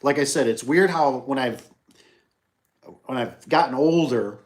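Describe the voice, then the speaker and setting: A man's voice: mid-range voice, unhurried. A middle-aged man who runs a business, chatting casually on a livestream, rambling through stories, repeating phrases and acting out the people he quotes. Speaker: business owner hosting a livestream.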